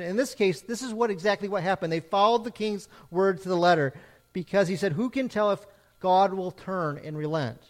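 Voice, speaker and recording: A man's voice: high-pitched, a little fast. A man preaching a sermon as pastor, emphatic, with rising and falling repeated questions.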